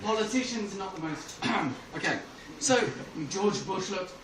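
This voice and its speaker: A man doing stand-up, telling a long joke and switching into quick voices for the characters in it. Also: high voice, lively intonation. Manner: storytelling with put-on voices for characters. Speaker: stand-up comedian. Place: comedy club with audience. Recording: roomy, distant, noisy club recording.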